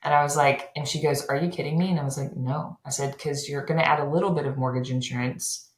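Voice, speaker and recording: Very low-voiced chatty woman, echoey room. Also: fairly even intonation, quick pace. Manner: chatty storyteller, many "like" fillers. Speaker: loan officer guest. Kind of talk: casual interview chat.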